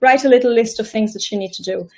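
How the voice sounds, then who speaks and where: A woman from Estonia hosting a casual live-stream chat over a video call, chatty and quick to laugh. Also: a little high. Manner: chatty, warm-hearted, laughs easily, restarts often. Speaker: host.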